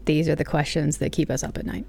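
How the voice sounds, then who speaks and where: A woman's voice: sits low, steady tone, fast, vocal fry, mellow, husky. A woman co-hosting a podcast, recapping a TV episode in a casual chat with wry, teasing quips. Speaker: podcast co-host.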